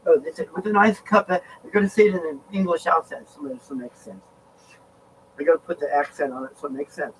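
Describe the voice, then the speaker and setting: Man, slightly high voice, rambling vlog read-aloud, distant mic, faint background hum. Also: fast talker, a bit bright. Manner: rambling, interrupts himself, groans about discomfort. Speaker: vlogger. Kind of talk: casual reading aloud with asides. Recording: set back from mic, faint background noise.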